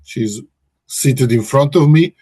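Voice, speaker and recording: Speaking slowly in a warm, mid-range voice with a breathy edge, a research director hosts a webinar from his office in Brussels. He hesitates a lot, restarting sentences and correcting himself, and the recording has no echo.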